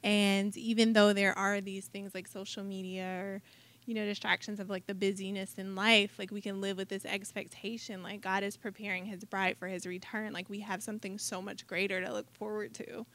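Woman sharing thoughts in a group, earnest and kinda flat. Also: mid-range voice, moderate pace. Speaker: group member commenting. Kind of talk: casual sharing.

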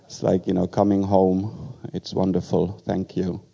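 Slow, deep-voiced older man with an accent. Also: completely flat delivery, gravelly, warm tone. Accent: foreign accent in English. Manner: halting, storytelling with many fillers. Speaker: guest speaker at a church. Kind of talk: personal testimony with humor.

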